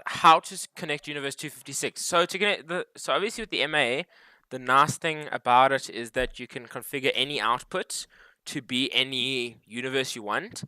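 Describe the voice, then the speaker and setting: A man's voice: mid-range voice, sharp tone, clean tone, dry recording, poor audio. A man hosting a livestream, casually explaining a lighting console setup in a rambling way with frequent restarts. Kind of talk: casual live tutorial chat. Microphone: desktop USB microphone.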